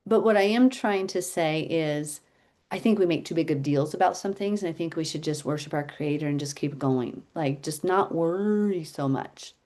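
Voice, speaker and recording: A middle-aged woman leading a casual Bible teaching chat, telling stories in an animated, chatty way. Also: sits low, moderate pace. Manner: chatty, animated storytelling, laughs often.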